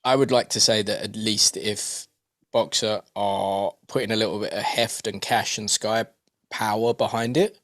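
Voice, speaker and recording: A man's voice: on the low side, moderate pace, no room sound, studio quality. A man co-hosting a podcast, chatting casually and animatedly about boxing, swearing freely and jumping between points. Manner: animated, swearing, jokey with mimicked voices. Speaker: podcast co-host.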